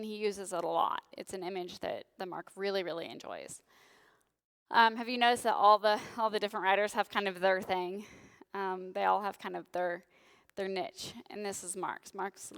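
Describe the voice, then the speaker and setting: A woman's voice: medium pitch, fairly bright tone. An American woman preaching a sermon in a church, casual, joking and plain-spoken. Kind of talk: conversational sermon. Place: church sanctuary. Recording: long church reverb.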